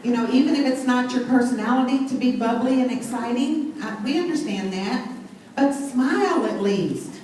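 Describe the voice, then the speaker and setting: A middle-aged woman speaks on stage at a sales event, telling stories with lively enthusiasm and calling out to the crowd. Her voice sits a little high. It rings in a very echoey hall, picked up from a bit away, with faint noise underneath. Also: moderate pace, distant mic. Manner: enthusiastic, storytelling, addresses crowd. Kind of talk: motivational talk on stage.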